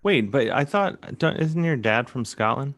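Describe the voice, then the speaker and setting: A man's voice: mid-range voice, lively intonation, measured pace, fairly bright tone, no room sound. A man from suburban Cleveland, hosting a casual comedic interview and asking questions in a playful, goofy way. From suburban Cleveland, USA. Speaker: talk show host. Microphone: video call.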